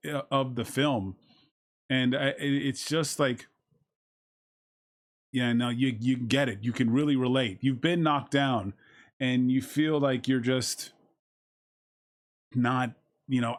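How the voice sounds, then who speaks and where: A man giving a casual, excited spoken movie review, rambling with many fillers and restarts, and acting out his reactions with sudden shouts. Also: mid-range voice.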